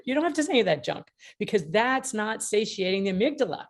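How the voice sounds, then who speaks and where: A woman's voice: a little high, lively intonation, quick pace, hardly any pauses. A woman mediator and author on a video call, giving an emphatic, humorous talk and acting out bits of dialogue. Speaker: mediator and author being interviewed. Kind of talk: lively teaching talk with anecdotes.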